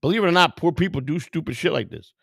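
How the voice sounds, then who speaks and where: A man's voice: on the high side, big pitch swings, quick pace, gravelly, a bit bright, slightly rough, dry recording, clean studio sound. A middle-aged man hosting a vlog, giving casual, rambling, profane commentary in a streetwise way. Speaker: vlog host browsing storage auctions.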